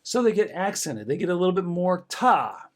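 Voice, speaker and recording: A man's voice: sits high, sing-song, moderate pace, faint music behind. A middle-aged man giving a band lesson, encouraging students and counting rhythms aloud with bursts of cheering. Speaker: band director. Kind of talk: music lesson demonstration.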